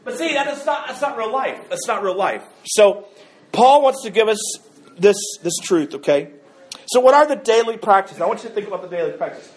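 A pastor with a high voice delivers a sermon in a church sanctuary, animated and brisk, joking conversationally. He frequently stumbles and repeats words while building his argument, and his voice echoes through the room.

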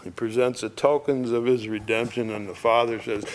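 A man preaching a reflective sermon, lingering over phrases and dropping to a near hush at moments of emphasis. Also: medium pitch, fairly even intonation, a little hiss or hum. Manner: slow, reflective, dropping to a hush on key words.

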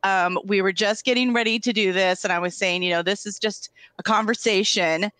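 A woman at a mid pitch hosts a casual podcast, bubbling with enthusiasm as she rambles, restarts sentences and piles on praise. The sound is dry and close, with no room around her voice. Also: fairly even intonation, fairly quick, fairly bright tone, no room sound. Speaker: podcast host.

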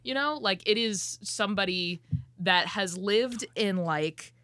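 A woman co-hosting a podcast in casual chat, telling a story in halting, rambling fashion with many fillers. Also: mid-range voice, sharp tone. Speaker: podcast co-host.

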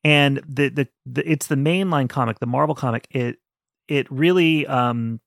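A man's voice: mid-range voice, normal speed, vocal fry, a bit bright, no echo, studio quality. A man co-hosting a podcast, chatting animatedly and rambling about a book, laughing often. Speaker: podcast co-host. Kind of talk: casual book-review chat.

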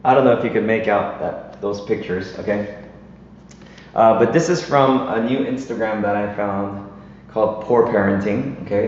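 A man's voice: lowish voice, darkish tone. Male pastor, thirties to forties, chatty sermon style, roomy and slightly lo-fi with faint noise. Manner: casual, chatty, often asks "right?". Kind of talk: conversational sermon. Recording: echoey hall, dull, faint noise.

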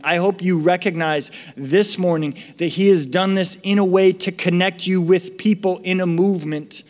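A man preaching a sermon as pastor, animated, acting out the voices he quotes. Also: on the high side. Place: church hall. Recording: long reverb of a large hall.

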